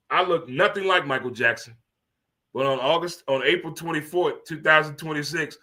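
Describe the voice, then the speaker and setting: A man, hosting a casual talk show in an animated, swearing, preacher-like monologue. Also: fairly high pitch, moderate pace. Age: 50s. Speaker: host. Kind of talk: casual radio-style monologue.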